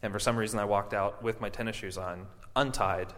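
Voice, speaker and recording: A man telling an audience his own story, halting often, with many fillers and restarts, and laughing at himself. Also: lowish voice, fairly even intonation, fairly bright tone. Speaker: performer and stroke survivor. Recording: long hall reverb.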